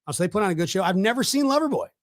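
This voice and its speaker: A man's voice: sits high, lively intonation, racing, dry recording, studio quality. A middle-aged man hosting a casual live show, rambling with many fillers and restarts. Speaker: host. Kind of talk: casual chat on a live stream.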